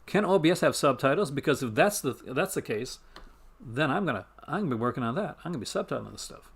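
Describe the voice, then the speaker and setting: A man's voice: medium pitch, expressive, fast talker, slightly rough. Rambling Canadian man chatting on stream. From Newfoundland, Canada. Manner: rambling, self-interrupting, chuckles often. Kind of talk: casual live-stream chat.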